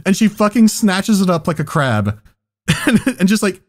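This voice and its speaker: A man's voice: sits high, very animated, moderate pace. A man on a podcast telling a story in casual chat, laughing often and swearing as he goes. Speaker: podcast co-host.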